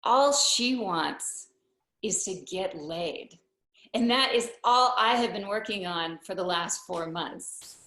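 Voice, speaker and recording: A woman tells a personal story on stage, taking her time over each phrase. Her humor is dry, and she delivers her asides deadpan. Her voice carries a roomy echo from the hall. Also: mid-range voice, slow.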